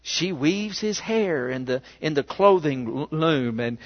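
Male pastor, unhurried, storytelling sermon; reverberant, muffled church recording. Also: sits high. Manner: animated storytelling with rhetorical questions. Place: church sanctuary. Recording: echoey, dull church recording.

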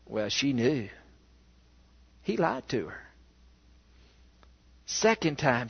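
A male pastor preaching a sermon, telling a story with animated rhetorical questions in a church. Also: medium pitch, slow, gravelly, long pauses, husky. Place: church sanctuary. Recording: echoey, dull church recording.

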